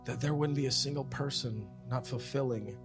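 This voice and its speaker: Man preaching, loud to hushed. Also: medium pitch, normal speed, music in the background. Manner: conversational preaching that swings from loud and urgent to soft and quiet; repeats words and restarts phrases. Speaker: pastor. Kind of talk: sermon.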